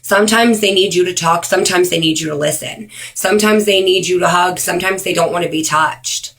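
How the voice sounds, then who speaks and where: A woman talking straight to camera in an earnest personal video, with many ums and pauses for emphasis. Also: on the low side, gravelly, fairly bright tone. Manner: earnest, frequent ums, speeds up and slows down for emphasis. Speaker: vlogger. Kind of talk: earnest direct-to-camera awareness talk.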